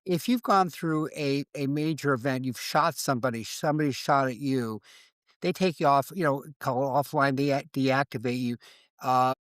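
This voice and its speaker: A man in his seventies, a veteran guest in an interview conversation, speaking in a reflective, halting way and acting out quoted exchanges. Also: medium pitch, a bit bright, dry recording.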